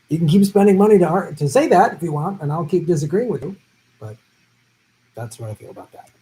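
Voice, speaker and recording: A man's voice: on the high side, lively intonation, warm tone, rough recording. Easygoing male live stream host. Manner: chatty, easygoing, quick to laugh. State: voice tiring after a long stream. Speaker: live stream host answering viewer questions. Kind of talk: casual live stream chat. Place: at home.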